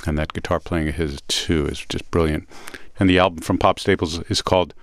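A man with a Brooklyn accent hosting a radio music segment, telling stories in a relaxed way with many pauses. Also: low-pitched, no room sound. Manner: relaxed storytelling with frequent "uh" pauses. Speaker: radio host. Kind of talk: casual music chat on radio.

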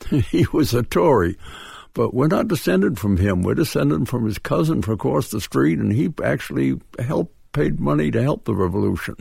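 An older man from Dedham with a Boston accent, reminiscing as a radio interview guest in a halting way, with many restarts and chuckles. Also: mid-range voice, lively intonation, a little mellow, no echo, clean studio sound. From Dedham, Massachusetts. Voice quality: gravelly, husky. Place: radio studio.

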